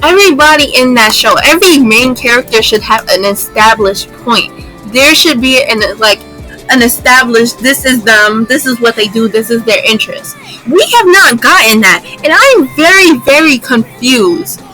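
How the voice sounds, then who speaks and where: A young woman vents to her viewers in an exasperated vlog rant, often saying a line twice for emphasis. Her voice sits fairly high and sounds bright and sharp, with soft music playing faintly behind her. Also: moderate pace, rough recording. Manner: exasperated, repeats lines for emphasis. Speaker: YouTuber.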